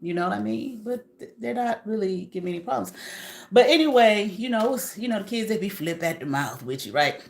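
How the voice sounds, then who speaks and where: A woman and content creator telling casual stories to her live viewers, animated and profane, with frequent asides and laughs. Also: mid-range voice, brisk, gravelly. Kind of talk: casual storytelling to a live audience.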